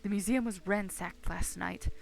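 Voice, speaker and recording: A woman's voice: mid-range voice, fairly even intonation, moderate pace, creaky, darkish tone, lightly acted. A woman reading the lines of an anxious visitor searching for a missing brother, aloud from a game. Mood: earnest.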